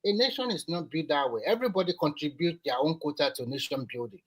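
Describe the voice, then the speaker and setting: A man, an activist on a live panel, arguing emphatically, repeating himself and getting loud. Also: on the high side, expressive, fast. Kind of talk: heated panel discussion.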